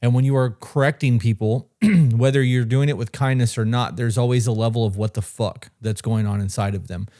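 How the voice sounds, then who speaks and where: A man's voice: mid-range voice, steady tone, fairly quick, hardly any pauses, mellow, dry recording, studio quality. A man co-hosting a parenting podcast, speaking bluntly and swearing casually. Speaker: podcast co-host.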